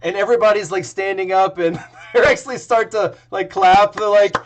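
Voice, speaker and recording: A man's voice: high-pitched, brisk, heavy background noise. A man narrating as game master of a tabletop game, rambling with many fillers.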